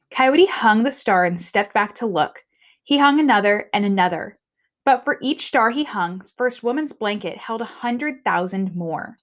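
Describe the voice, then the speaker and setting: A woman teacher talks through a reading lesson from home in a friendly, explanatory way. Her voice sits at a middle pitch and she checks in often with "okay." The recording is dull and lo-fi.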